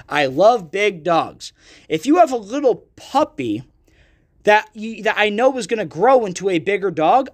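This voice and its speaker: A man's voice: high-pitched, fairly bright tone. A young man hosting his own podcast, ranting casually and swearing a lot, self-deprecating and loose. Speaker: podcast host and magician. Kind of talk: casual solo podcast rant. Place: art gallery.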